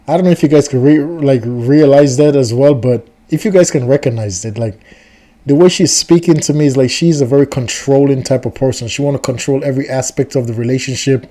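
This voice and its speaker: A man's voice: mid-range voice, dark tone. A man hosting a reaction video, talking casually and dismissively. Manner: dismissive, casual, keeps saying dude.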